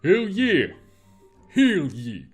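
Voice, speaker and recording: A man's voice: medium pitch, very animated, moderate pace, soft background music. A man with a cold voicing an eager young British treasure-hunting friend in a faltering put-on British accent. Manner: upbeat, enthusiastic. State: has a cold.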